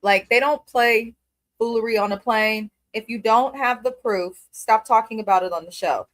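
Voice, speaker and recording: A woman's voice: a little high, normal speed. A woman co-hosting a casual reality TV recap, giving her opinions in an emphatic, blunt way. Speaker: co-host.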